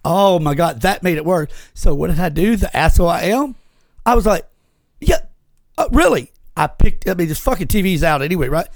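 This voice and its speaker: A man's voice: on the high side, brisk, creaky, no echo. A man co-hosting a podcast, telling a story in casual chat with lots of swearing. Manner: animated storytelling, heavy swearing. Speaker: podcast co-host.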